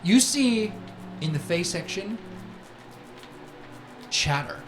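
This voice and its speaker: Lively man running a tabletop game. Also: high-pitched, takes it slowly, faint music behind. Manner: rambling, lots of "like" and "kind of". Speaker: game master. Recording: echoey room with background noise.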